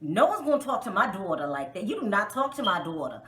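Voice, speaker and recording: A woman's voice: medium pitch, sing-song, quick pace, bright, forceful tone, pitched below the performer's own voice. A woman putting on the voice of an indignant, protective mother with a Southern US accent, scolding firmly. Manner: stern, scolding.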